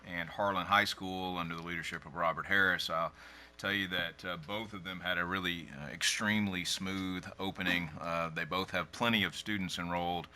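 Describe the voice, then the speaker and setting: A man's voice: low voice, steady tone, normal speed, sharp tone, a little hiss or hum. A man, a school superintendent, reporting to a board in a conversational way with many "uh" fillers.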